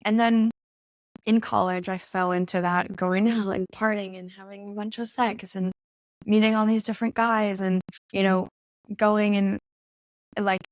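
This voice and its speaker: A woman's voice: medium pitch, flat delivery, measured pace, no echo. A young woman in her twenties, a podcast guest telling a personal story in a chatty way, full of "like" and acted-out quotes. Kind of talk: casual storytelling conversation.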